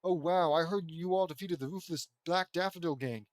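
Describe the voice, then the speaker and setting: A man's voice: a little high, moderate pace, no echo, close to an everyday voice. A man reading the lines of an upbeat young woman reporter in a fan fiction audiobook. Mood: chirpy.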